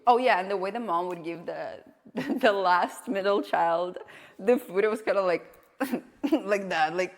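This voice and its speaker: A woman's voice: medium pitch, animated, unhurried. Casting note: young woman streamer, blunt and foul-mouthed, casual storytelling, reverberant room. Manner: blunt, swears freely, storytelling. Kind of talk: casual chat with viewers.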